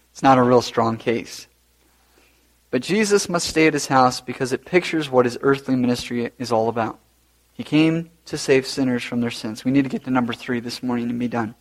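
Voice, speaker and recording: A man preaching a sermon as pastor, animated and rising to loud emphasis. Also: medium pitch.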